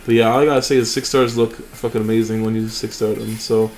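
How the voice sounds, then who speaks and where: Relaxed man rambling over game footage. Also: lowish voice, fast, soft background music. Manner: rambling, relaxed, fillers and restarts. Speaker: mobile game channel host. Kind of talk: casual gameplay commentary.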